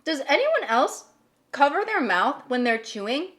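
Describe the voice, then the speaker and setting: A woman's voice: high voice, sing-song, measured pace, a bit bright, a little hiss or hum. A woman in her twenties chatting casually to her viewers, rambling with lots of fillers and some swearing while she snacks. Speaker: YouTuber. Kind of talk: casual chat.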